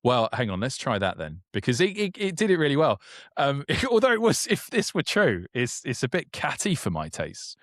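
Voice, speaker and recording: A man co-hosting a podcast in casual chat, animated, with frequent restarts and sudden upward jumps in pitch when excited. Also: moderate pace, no echo, clean studio sound. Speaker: podcast co-host.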